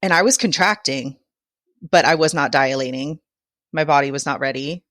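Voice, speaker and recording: Woman guest, low voice, dry sound; candid, emotional storyteller. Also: normal speed, fairly bright tone, no room sound. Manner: candid, emotional, laughs through hard parts. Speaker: podcast guest. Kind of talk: personal birth story.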